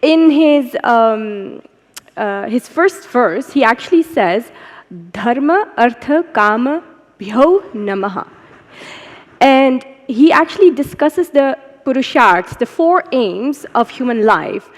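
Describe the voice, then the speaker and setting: Brief: woman moderator, higher voice, friendly, hall echo. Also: expressive, slow. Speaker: interviewer and moderator. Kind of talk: live onstage interview. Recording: reverberant live hall.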